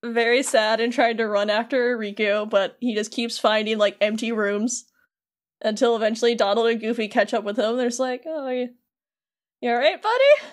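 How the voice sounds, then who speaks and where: A woman's voice: on the high side, normal speed. A woman co-hosting a podcast, casually recapping a video game and playfully acting out the characters' lines. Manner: animated, acts out characters' lines in playful voices. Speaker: podcast co-host.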